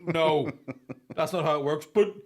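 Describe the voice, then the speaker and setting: A man, a comedian hosting a podcast, telling stories in casual banter, animated and full of swearing. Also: on the high side, a little slow.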